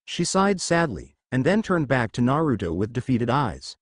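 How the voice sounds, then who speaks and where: Lively male fan fiction narrator. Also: medium pitch, moderate pace, few pauses, no room sound, studio quality. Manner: steady storytelling with lively intonation. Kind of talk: fan fiction story reading.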